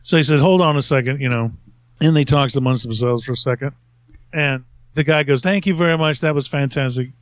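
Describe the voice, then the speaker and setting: A man's voice: mid-range voice, a little fast, no echo, lo-fi sound. A man telling a long story in casual podcast chat, rambling and self-mocking, laughing often.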